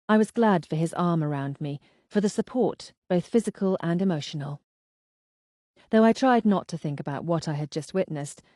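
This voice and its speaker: A woman reads a first-person mystery novel aloud with even, expressive delivery. Her voice sits fairly low with a mellow, warm tone, recorded close and dry. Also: no room sound. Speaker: audiobook narrator.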